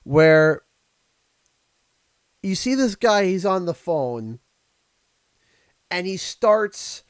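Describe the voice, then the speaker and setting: A man's voice: high voice, very slow, dry recording. A man chatting casually while livestreaming a game, rambling through stories with lots of laughter. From Canada. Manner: rambling, animated storytelling with frequent laughs. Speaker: gaming livestreamer. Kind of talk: casual chat while playing. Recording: game music clearly audible behind voice. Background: game music playing.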